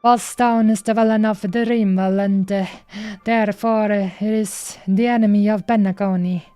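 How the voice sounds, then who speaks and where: A woman's voice: mid-range voice, steady tone, moderate pace, mellow, clear, resonant tone, soft background music. A woman streamer reading game dialogue aloud in a playful way, stopping often on fillers as she goes.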